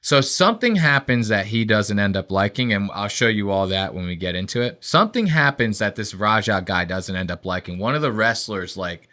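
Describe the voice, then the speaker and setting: Young male podcast co-host, bright voice, casual profane rambler. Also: on the low side, fairly quick, hardly any pauses. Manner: profane, rambling storytelling with animated impressions.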